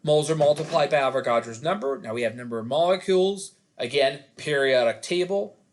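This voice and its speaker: In an online physics lecture over a video call, a middle-aged instructor speaks a little fast in a medium-pitched voice. Between worked problems, he's chatty and makes jokey asides to his students.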